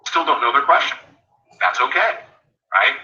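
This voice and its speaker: A man giving a sales training talk, coaching listeners and acting out sample phone calls in quick asides. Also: mid-range voice, big pitch swings, pushed and bright. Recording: tinny phone line, echoey and distant.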